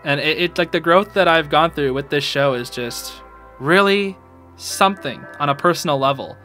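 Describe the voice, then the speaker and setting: A man giving a casual, excited reaction to a show's episode, full of slang and calling the listener dude and bro, and a bit emotional about it. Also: fairly high pitch, moderate pace, faint music behind. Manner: emotional, a little teary. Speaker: YouTube show reviewer.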